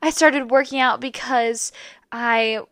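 A woman co-hosting a faith podcast in casual chat, soft-spoken, reacting often and trailing off. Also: fairly high pitch, slow, dry recording. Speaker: podcast co-host.

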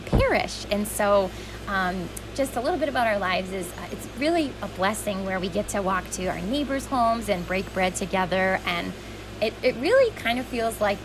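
A young woman speaks softly and earnestly as a podcast guest, warm-hearted and gushing in her praise. Her voice sits at a middle pitch. Steady room noise can be heard behind her. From Western New York. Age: young adult. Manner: gentle, earnest and effusive. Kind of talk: casual chat.

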